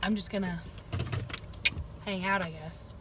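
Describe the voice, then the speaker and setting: A woman's voice: on the low side, fairly even intonation, measured pace. A woman hosting a casual vlog, chatting and rambling while eating in a car. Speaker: vlog host. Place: inside a car. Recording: car noise in the background.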